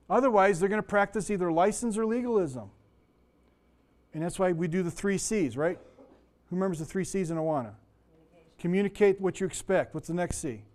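A middle-aged man teaching a Bible lesson in a conversational way, full of stories and asides, his voice a little sore. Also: high-pitched. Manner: conversational, digressive, with anecdotes. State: slightly sore voice.

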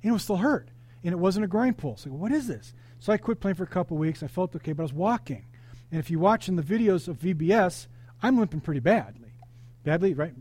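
A male pastor delivering an animated sermon, calling out questions to the congregation and telling personal stories. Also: fairly high pitch. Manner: animated, interactive preaching with congregation call-outs.

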